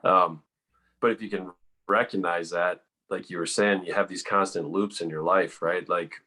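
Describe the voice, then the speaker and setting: A man's voice: low voice, steady tone, fairly quick, bright, forceful tone. A man hosting a casual chat, rambling and hedging as he reflects. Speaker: podcast host.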